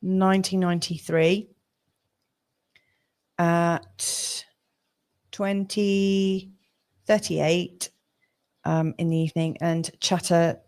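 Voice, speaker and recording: Woman doing a live astrology stream, kinda low voice, chatty and rambly, lots of ums, sympathetic. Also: little pitch movement, slow pace, long pauses, a little mellow, smooth. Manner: chatty and rambling, with many fillers; sympathetic and encouraging. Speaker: astrologer hosting a live reading show.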